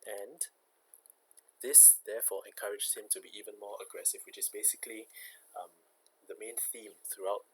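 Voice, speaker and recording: A man's voice: fairly low pitch, fairly even intonation, normal speed, breathy edge, low-quality recording. A man teaching a recorded history lesson, explaining step by step and checking in with "okay".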